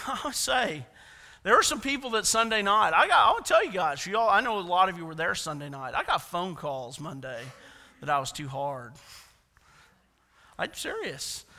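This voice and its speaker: A man preaching a sermon as pastor, swinging between loud emphatic lines and soft, quiet asides. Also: very high-pitched, in a large hall.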